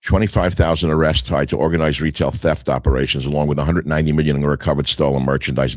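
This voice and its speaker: A man's voice: extremely low pitch, fast talker, dry recording. An older man hosting a talk radio show, reading headlines aloud and answering each with sarcastic, scornful asides.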